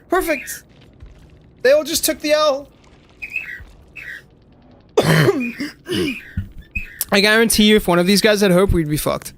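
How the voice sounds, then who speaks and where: Lively streamer. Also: high voice, slight background noise. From South Africa. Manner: animated, slangy, talks straight to chat. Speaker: game streamer. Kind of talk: casual live-stream commentary.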